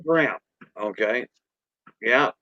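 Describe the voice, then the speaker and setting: A man's voice: medium pitch, very slow, sharp tone, no echo. Folksy Cajun man on a lo-fi stream. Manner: rambling, folksy, greets viewers by name. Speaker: livestream host. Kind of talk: casual livestream chat. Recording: dull lo-fi dry sound.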